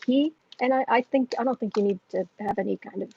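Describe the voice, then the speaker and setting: Husky woman hosting a tarot livestream. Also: a little high, fast talker. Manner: earnest, rambling, with frequent restarts. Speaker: tarot reader and livestream host. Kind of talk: casual livestream chat, reading viewer comments. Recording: dull lo-fi sound.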